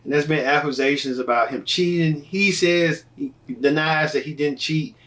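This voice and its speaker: A man's voice: fairly high pitch, normal speed, fairly bright tone, recorded from a distance. A man hosting a casual entertainment news show, talking in a loose, rambling way with many fillers and restarts. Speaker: host.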